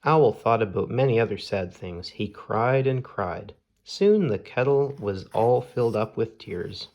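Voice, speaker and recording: A man reads a children's story aloud, unhurried and measured. His voice sits somewhat low, and he moves through the narration at a very slow, even pace. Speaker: storybook reader.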